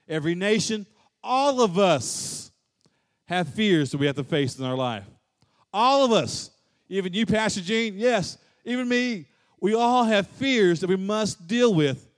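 A man preaching a sermon as pastor, swinging from loud and emphatic to soft and hushed. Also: high-pitched, long reverb tail.

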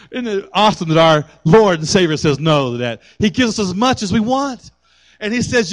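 High-voiced impassioned preacher man. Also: expressive, fairly quick. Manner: impassioned preaching that builds to shouting, with call and response. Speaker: pastor. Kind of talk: sermon.

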